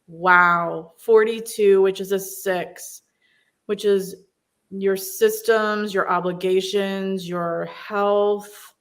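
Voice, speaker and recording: Woman doing card readings on a live stream, talks slow, gushy and emotional. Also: mid-range voice, steady tone. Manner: effusive and emotional, with frequent exclamations. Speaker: intuitive card reader.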